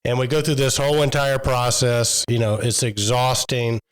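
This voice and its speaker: A man's voice: mid-range voice, moderate pace, smooth, poor audio. A man co-hosting a trade podcast in casual chat, telling stories in a rambling way with many fillers. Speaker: podcast co-host.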